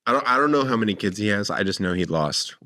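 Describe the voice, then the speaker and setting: Deep voiced guy on a podcast, laughs a lot, rambly what-ifs, dry mic. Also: animated, fast talker, pushed and bright, dry recording. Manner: laughs often, spins rambling hypotheticals. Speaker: podcast co-host. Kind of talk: casual chat.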